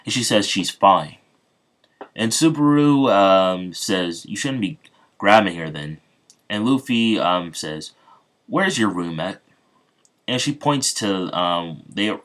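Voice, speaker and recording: Low-voiced man casually telling a story. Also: a bit bright. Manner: loose, off-the-cuff retelling with asides to viewers. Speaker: channel host. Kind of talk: casual improvised fan-fiction storytelling.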